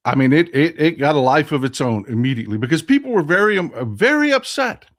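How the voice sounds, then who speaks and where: A man's voice: fairly high pitch, expressive, fast. A man with a Texan accent hosting a political livestream, emphatic and repeating phrases for stress while reading viewer comments aloud and answering them. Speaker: livestream host.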